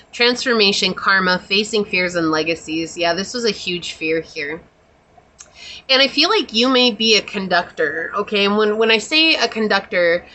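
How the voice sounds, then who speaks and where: A woman's voice: mid-range voice, bright, forceful tone, rough recording. A woman doing a pick-a-card tarot reading, talking in a chatty, reassuring, spiritual way with many casual fillers. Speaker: tarot reader.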